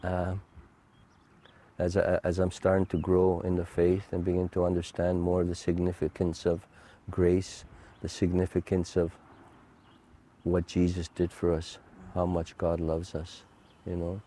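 A middle-aged man giving a personal faith testimony, halting and heartfelt, with many fillers and restarts. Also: sits low, monotone, warm tone. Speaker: guest sharing a testimony.

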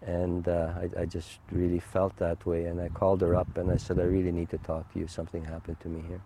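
A middle-aged man giving a personal faith testimony, halting and heartfelt, with many fillers and restarts. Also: low-pitched, completely flat delivery, dark tone, slight background noise. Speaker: guest sharing a testimony.

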